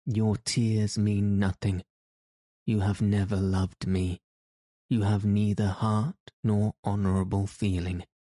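Male narrator doing a cold, reproachful wronged wife for an audiobook; low and unhurried. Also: little pitch movement, warm tone, no echo, clean studio sound. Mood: bitter. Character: bitter betrayed wife, grown woman. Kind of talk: audiobook reading.

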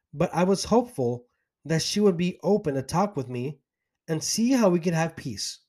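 A man's voice: a little high, a little mellow. A man hosting a podcast, earnestly recounting his own story in the first person. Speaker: podcast host.

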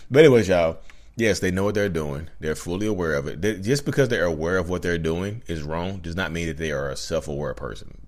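A man's voice: sits low, fairly quick. A man hosting his own channel, talking casually and animatedly to his listeners and calling them y'all over and over. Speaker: self-aware narcissist channel host. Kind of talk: casual direct-to-camera talk. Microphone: podcast-style recording.

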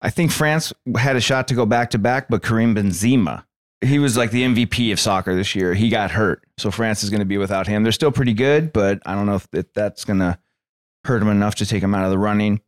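A man's voice: on the low side, fairly quick, no room sound, studio quality. A man hosting a sports podcast, telling a story in a laid-back way with lots of fillers. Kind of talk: casual chat.

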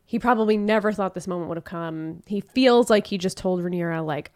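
A woman hosting a casual recap podcast, retelling scenes in an animated way and acting out the quotes. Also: lowish voice, a little fast, few pauses, no echo, studio quality. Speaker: podcast host.

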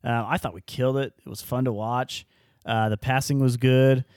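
A man talking basketball on a casual podcast, a laughing storyteller who slips into quoted voices. His voice sits at an ordinary middle pitch. The recording is close and dry, with little room sound. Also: steady tone, normal speed, a little mellow, no echo. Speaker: podcast co-host. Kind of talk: casual sports chat.

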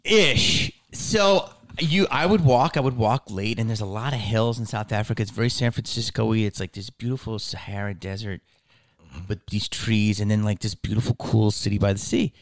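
A man in casual chat, telling a story in a lively way, swearing freely and often calling his listener "dude". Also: lowish voice, moderate pace.

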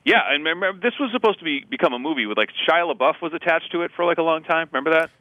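A man's voice: on the high side, racing, no echo, narrow, tinny audio. A man co-hosting a podcast in casual chat, eager and talkative, filling his sentences with "like.". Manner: eager, chatty, many "like" fillers. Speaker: podcast co-host.

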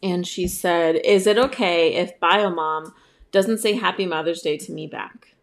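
A woman co-hosting a casual chat in a relaxed way, reading listener messages aloud. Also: on the low side, unhurried. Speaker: podcast co-host, stepmom.

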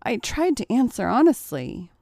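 A woman's voice: a little high, sing-song, moderate pace, vocal fry, dark tone, no room sound, clean studio sound, voice pushed up, full character voice. A woman voicing a submissive young male student who speaks glumly and pleadingly. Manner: glum, pleading, sulky.

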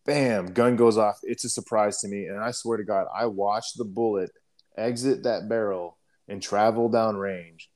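Low-voiced man telling a war story, profane. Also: fairly even intonation, normal speed, a little mellow. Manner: profane, rambling, clears throat often. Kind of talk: casual storytelling.

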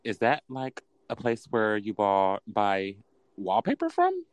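A man chatting casually with a co-host, playing a guessing game, playful and animated, his voice jumping high when he teases. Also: slow pace, clear, resonant tone, dry recording.

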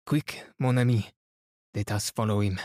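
A man's voice: fairly low pitch, normal speed, mellow, dry recording, clean studio sound, natural voice. Poirot, a man doing a fussy Belgian detective. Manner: precise, sprinkled with French phrases. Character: fussy middle-aged Belgian male detective. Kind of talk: bedtime story reading.

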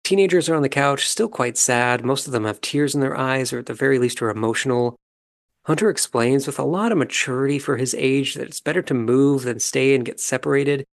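Male podcast host, calm, analytic show recap, mid-pitched voice with a gravelly fry. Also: fairly quick. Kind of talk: casual commentary recapping a reality show.

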